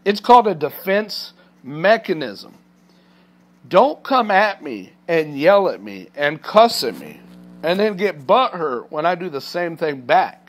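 A man's voice: on the high side, big pitch swings, unhurried. A man in his thirties from Kansas, retelling a workplace clash in a personal vlog, indignant and getting heated. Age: 30s. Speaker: truck driver trainee, vlogger.

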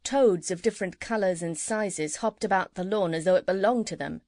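A woman narrating a children's audiobook in a calm, measured storytelling manner. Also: on the low side, no room sound, studio quality. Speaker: audiobook reader.

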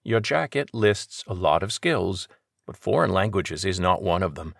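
A man's voice: sits low, lively intonation, normal speed, creaky, fairly bright tone, no room sound, studio quality, full character voice. A man doing a stern deputy director. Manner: restrained and stern. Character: frustrated male deputy director.

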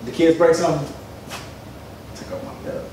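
A man's voice: on the high side, normal speed, warm tone, far from the mic, natural voice. A man playing an evasive, stammering cheating husband. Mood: smooth. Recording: echoey room, off-mic, noisy.

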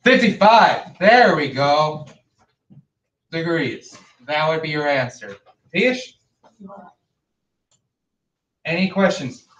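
A male math teacher speaking loudly through a mask, firm and drilling his class. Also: a little high, moderate pace, pauses often, recorded from a distance, a little hiss or hum. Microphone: masked, mic at a distance. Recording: echoey classroom.

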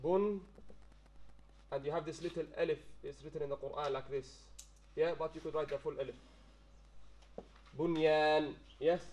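High-voiced man teaching a class. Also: steady tone, moderate pace, long pauses, a little mellow. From London-based. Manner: quizzing the class with frequent "yes?" checks, mixing in Arabic phrases. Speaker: tajweed teacher. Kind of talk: classroom lesson.

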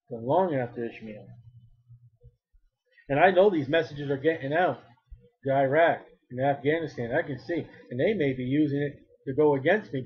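Guy preaching a sermon, kinda high husky voice, fervent, repeats himself, dull lo-fi sound. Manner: fervent, repeats phrases, rises to cries when quoting.

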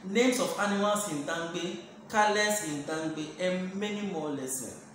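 A man from Ghana teaching a language lesson, saying each phrase slowly several times over. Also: sits high, a bit bright. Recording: very echoey room, faint background noise.

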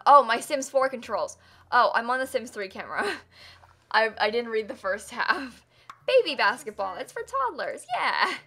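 A young woman streamer with a bright, forward voice that stays bubbly and chatty. She talks casually to her audience, laughing often and thanking viewers warmly. Soft background music and keyboard clicks sit behind her. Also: fairly high pitch. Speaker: game streamer. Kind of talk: casual live-stream chat. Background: faint music and keyboard typing.

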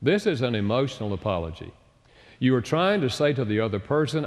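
A man's voice: medium pitch, very animated, moderate pace. A man giving a chapel talk, telling stories and acting out quoted voices. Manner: storytelling, acts out quoted voices. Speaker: speaker. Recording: roomy hall reverb.

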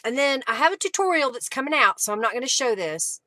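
A woman's voice: high voice, very animated, fast, pushed and bright. Chatty woman hosting a craft stream. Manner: chatty, thanks viewers by name, clears throat often. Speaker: craft live-stream host. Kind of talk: casual live-stream craft demo.

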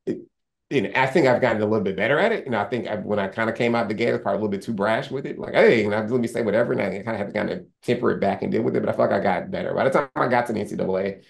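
A man's voice: lowish voice, very fast, creaky. A man speaking as a lawyer guest in a candid interview, earnest and rambling, with many restarts and fillers.

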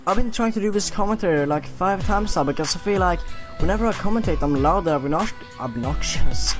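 A man's voice: high-pitched, expressive, fairly quick. Rambling man doing gameplay commentary over music. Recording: clip played with music behind.

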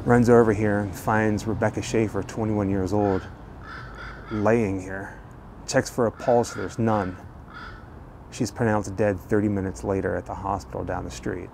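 A man hosting a true crime show, telling the story in a steady narrative style while walking outdoors on a residential street. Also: fairly low pitch, unhurried, gravelly, a little hiss or hum. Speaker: true crime channel host.

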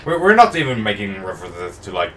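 A man's voice: fairly low pitch, very animated, fast talker, a bit bright. A young man playing a video game with a friend, goofy and prone to mock-dramatic exclamations. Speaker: let's play co-host. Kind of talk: casual gaming banter. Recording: distant mic with faint room noise.

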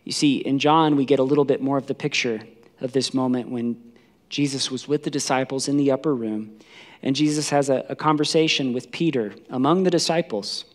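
A pastor preaching in a church, his voice set at a middle pitch for a man. He tells the story dramatically, moving between a hushed voice and loud, high bursts as he acts out the people he quotes. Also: brisk. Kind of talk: sermon.

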